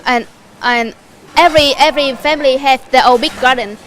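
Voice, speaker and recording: Halting woman guide. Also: high-pitched, a bit bright, slight background noise. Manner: halting, heavy on fillers and restarts. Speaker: local food tour guide. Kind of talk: explaining a dish on camera.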